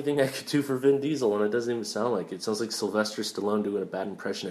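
A man's voice: on the low side, fairly even intonation, fast, a little mellow. A young man in casual, rambling movie talk, swearing freely and drifting into tangents as he reviews films. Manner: rambling, profane, wanders off on tangents.

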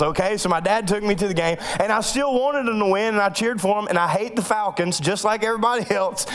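A man pastor preaching a sermon in a church through a microphone. His voice sits a little high for a man. He tells stories in an animated, joking way and breaks into loud voices now and then. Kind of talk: sermon with personal storytelling.

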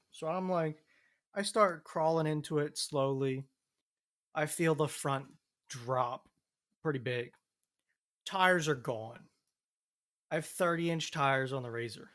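A man with a fairly high voice talks casually and tells a story at a relaxed pace. He recounts events one step at a time. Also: a little slow, long pauses. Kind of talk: casual chat.

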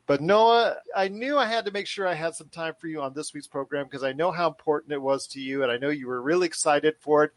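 A man's voice: a little high, no room sound. A man hosting a casual pop culture podcast, talking enthusiastically with repetitive, rambling phrasing. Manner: enthusiastic, repetitive phrasing, addresses guest as my friend. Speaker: podcast host.

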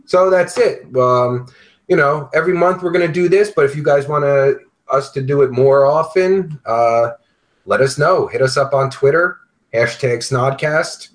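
A man's voice: on the high side, moderate pace, rough recording. A man hosting a podcast, chatting casually and ranting bluntly with lots of swearing. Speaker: podcast host.

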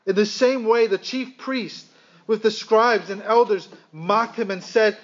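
A man preaching a sermon, speaking with dramatic pauses and calling his listeners "guys". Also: sits high. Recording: slightly dull lo-fi sound.

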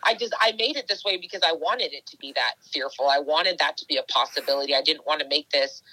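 A woman's voice: low voice, fast talker, sharp tone, poor audio. A woman obstacle racer chatting casually in an interview, rambling with many fillers and restarts. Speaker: obstacle race athlete.

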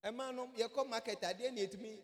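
A Ghanaian man preaching a sermon as a pastor. He mixes English and Twi and rises to shouts to stress his points. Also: extremely high pitch, fast talker. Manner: switches between English and Twi, rising to shouts for emphasis. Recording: long hall reverb.

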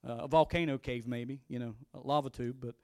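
A man's voice: medium pitch, steady tone, brisk, darkish tone, clean tone, no room sound, studio quality. A middle-aged male pastor telling a story in a sermon and pressing his point with emphatic, repeated exhortations.

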